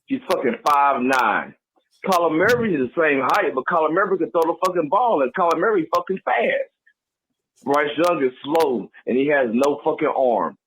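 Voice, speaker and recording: An angry man rants through a call-in line, swearing at every turn. His voice sits fairly high, with a faint hiss of noise under it. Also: expressive, normal speed, a bit bright, poor audio. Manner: profane, heated ranting. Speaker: caller.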